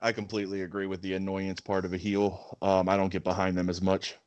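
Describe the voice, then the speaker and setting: A man's voice: low-pitched, little pitch movement, quick pace, darkish tone, dull audio, slight background noise. A man co-hosting a chat show, talking casually and hesitantly with many ums and stammered restarts. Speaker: podcast co-host.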